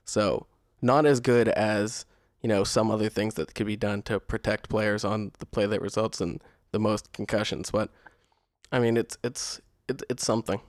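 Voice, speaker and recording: A young man co-hosting a podcast in casual chat, relaxed and rambling, with many fillers and restarts. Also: fairly low pitch, normal speed, no room sound, clean studio sound. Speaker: podcast co-host.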